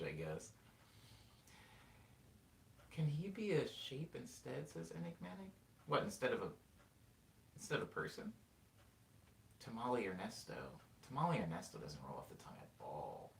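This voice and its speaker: A young man chats casually on a livestream, laughing as he rambles through anecdotes. His voice swings widely in pitch. He sits back from the mic in a roomy space with a faint hiss underneath. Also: creaky, recorded from a distance. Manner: rambling, laughs often, animated storytelling. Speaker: livestream host reading chat. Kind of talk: casual chat.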